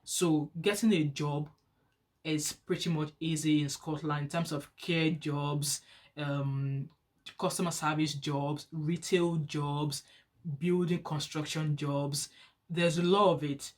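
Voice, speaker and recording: A woman in her thirties with a Nigerian accent talks casually to her camera. Her voice is chatty and animated, climbing higher whenever she gets excited. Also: slow pace. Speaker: vlogger.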